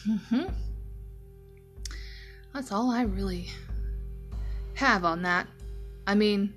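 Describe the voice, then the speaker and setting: A woman's voice: medium pitch, extremely slow, long pauses, faint music behind. A woman hosting a news commentary podcast, reading stories and breaking into heated, profane rants. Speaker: podcast host.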